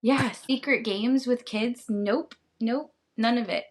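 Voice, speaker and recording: A woman co-hosting a podcast, chatting casually in an unhurried, hesitant way with many filler words. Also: fairly high pitch. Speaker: podcast co-host.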